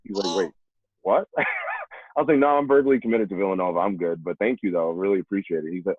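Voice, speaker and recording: He talks fast in a low-pitched voice, a young former college running back from New York, USA, guesting on a podcast. His casual stories include impressions of the people he quotes, and the phone-like remote audio is tinny and dry without echo.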